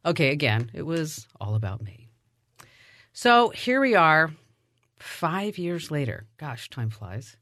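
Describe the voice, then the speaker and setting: A woman hosting a podcast, telling a story in a casual, animated, self-mocking way and interviewing her guests. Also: deep voice, slow pace, dry recording. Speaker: podcast host.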